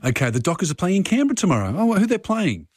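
A man's voice: high-pitched, very animated, very fast, slightly rough, no echo. A man hosting a radio show, easygoing and chatty with lots of fillers. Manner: easygoing, friendly banter with many fillers. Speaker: radio host. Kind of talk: casual radio talk. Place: radio studio. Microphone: studio mic.

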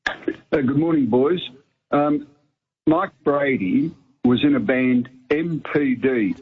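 An Australian man rings in to talk radio and reminisces, pausing with frequent ums. His voice is husky and squeezed through a tinny phone line. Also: medium pitch. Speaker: caller.

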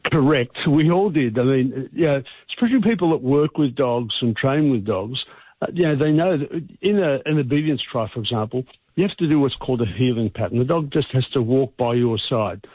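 A man's voice: medium pitch, animated, fairly quick, slightly rough, no room sound. A male vet, explaining earnestly and emphatically over the phone. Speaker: vet expert guest. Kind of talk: phone interview. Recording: tinny phone line.

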